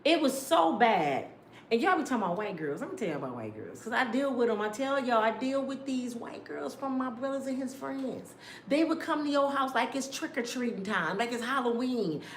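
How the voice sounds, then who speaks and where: A middle-aged woman giving loud, sassy celebrity gossip commentary, ranting and acting out quotes. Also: on the high side, lively intonation, moderate pace, a little hiss or hum. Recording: echoey room.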